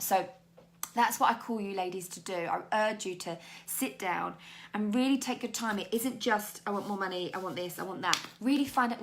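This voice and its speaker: A young woman with a British accent coaching her viewers in a frank, chatty way. Her voice sits in a middle pitch with a gravelly edge. She talks directly to the camera as a motivational coach. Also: slight background noise. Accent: British English. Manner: candid and chatty, addressing viewers as ladies. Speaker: life coach.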